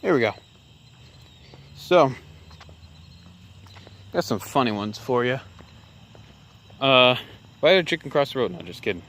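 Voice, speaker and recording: A man's voice: medium pitch, very animated, a little slow, long pauses, a bit bright, slight background noise. A man doing casual political commentary in a vlog, rambling and sarcastic, with lots of fillers and restarts, filmed on a handheld camera while he walks around outdoors at dusk. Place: outdoors in a rural area at dusk, moving around.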